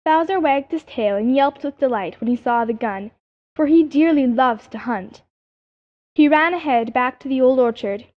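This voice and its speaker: A woman narrating a children's animal story as an audiobook reader, in an expressive storytelling manner. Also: sits high. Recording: dull lo-fi audiobook recording.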